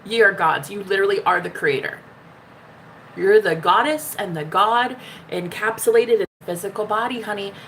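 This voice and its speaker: A woman's voice: mid-range voice, normal speed, a bit bright, slight background noise. A woman hosting a casual spiritual livestream, reading out chat messages with a bubbly, teasing manner, swearing freely and laughing often. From United States.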